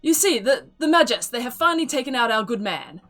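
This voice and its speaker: A woman's voice: on the high side, sing-song, a little fast, fairly bright tone, faint music behind, pitched above the performer's own voice. Woman doing a stern, indignant elf woman. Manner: indignant, insistent, rising outbursts. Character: stern indignant elven woman, accusing and pushy.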